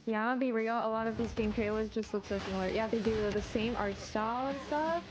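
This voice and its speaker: A young woman streaming, reacting to a live awards show in casual chat that often jumps into excited exclamations and gasps. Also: a little high, fairly quick, muffled recording, noisy background.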